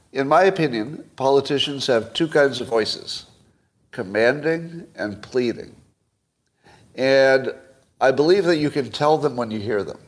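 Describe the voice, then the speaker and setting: An older man in his sixties talks through a casual solo commentary stream. He is wry and chuckles often, quizzing his listeners as he goes, in an ordinary mid-range voice. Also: medium pitch. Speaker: podcast host.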